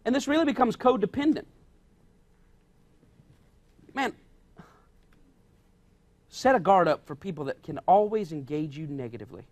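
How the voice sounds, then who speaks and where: A male pastor with a high, sing-song, slightly mellow voice speaks at normal speed and pauses often. He gives a plain-spoken, folksy sermon, emphatic and full of repeated key points and acted-out quoted dialogue.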